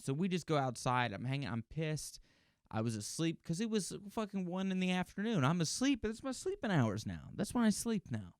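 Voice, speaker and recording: Guy doing a solo podcast, swears a lot, rambly stories, clean smooth voice, dry sound. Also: fairly high pitch, big pitch swings, brisk, no echo. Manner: profane, rambling storytelling. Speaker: podcast host. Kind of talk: casual solo podcast monologue.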